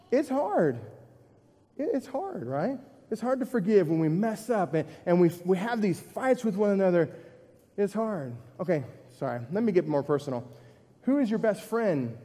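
A man's voice: a little high, warm tone, in a large hall. A man preaching a sermon to a church congregation in a conversational way, asking questions and repeating his points. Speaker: pastor.

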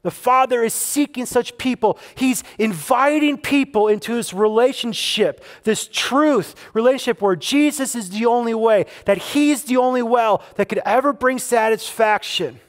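High-voiced pastor preaching conversationally. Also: male voice, normal speed, hardly any pauses. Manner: conversational preaching with emphatic repetition. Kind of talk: sermon. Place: church service.

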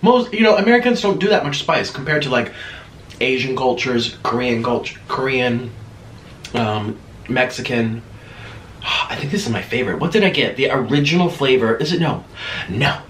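A young man hosting an eating vlog, talking casually between bites with excited gasps and murmurs. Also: medium pitch, normal speed. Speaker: mukbang host. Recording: echoey room with faint noise.

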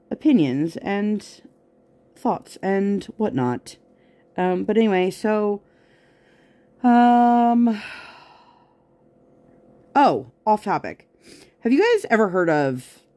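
A woman's voice: lowish voice, darkish tone. A woman vlogger chatting casually while she works on a craft project at home, rambling through tangents with plenty of fillers.

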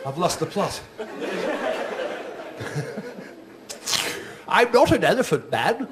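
Jokey stand-up comic, lively voice. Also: male voice, high voice, very slow, a loud crowd. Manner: jokey, chats with the audience. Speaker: stand-up comedian. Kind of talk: live stand-up comedy. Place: live comedy venue. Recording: live room with audience noise.

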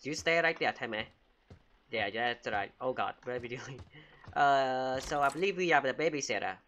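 A man's voice: medium pitch, moderate pace, fairly bright tone, dull audio, slight background noise. A man hosting a let's play of a horror game, talking playfully and teasing the in-game baby as he plays. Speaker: gaming channel host.

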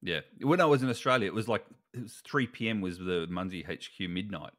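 A man's voice: sits low, a little fast, a bit bright. A man co-hosting a podcast in casual chat, playful and teasing, laughing often as he tells stories. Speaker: podcast co-host.

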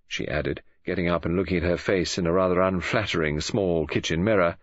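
A man reading a novel aloud as audiobook narrator, in a measured storytelling way. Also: deep voice, fairly bright tone, slightly rough, no room sound. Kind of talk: scripted narration. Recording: dull lo-fi audio.

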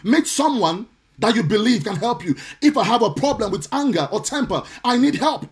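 A man with a very high voice preaches on a live stream. He is forceful and indignant, hammering his points again and again, and now and then he lapses into a sing-song cadence. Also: animated, moderate pace. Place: home or church, streaming live.

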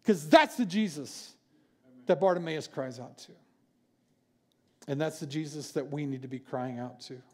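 A man preaching a sermon in church, earnest and pausing for effect. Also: medium pitch. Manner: earnest, with dramatic pauses and quieter passages. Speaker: pastor.

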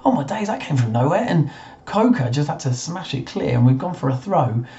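Croaky man cheering at a game. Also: on the high side, fairly quick, highs cut off. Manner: excitable, swings between muttering and cheering at the screen. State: slightly croaky voice. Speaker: gaming commentator. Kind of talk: casual let's-play commentary.

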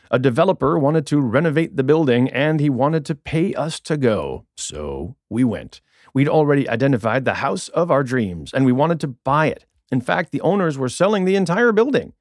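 Guy reading his own funny memoir in a studio, dry wry delivery, voice kinda high and really animated, no room echo. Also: normal speed. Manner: wry, deadpan comic storytelling. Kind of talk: humorous memoir audiobook narration. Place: recording studio. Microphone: studio microphone.

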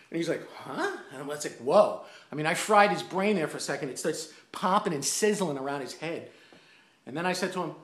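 Loud, animated man ranting in a roomy space. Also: a little high, a little fast. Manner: loud, indignant, acts out quotes. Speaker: online ranter, cigar enthusiast. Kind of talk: animated storytelling rant.

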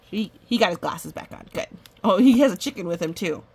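A woman's voice: mid-range voice, lively intonation, fairly quick, a little mellow, breathy edge. A woman reading a children's picture book aloud, chatting and delighting over the illustrations. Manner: chatty, amused, commenting on pictures. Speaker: storybook reader.

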